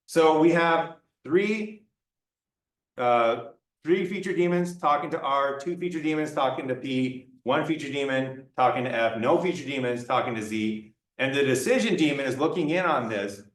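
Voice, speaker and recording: A man's voice: medium pitch, moderate pace. Man lecturing in an echoey room. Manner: playful, acting out examples. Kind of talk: classroom lecture. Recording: roomy lecture room, mic far off.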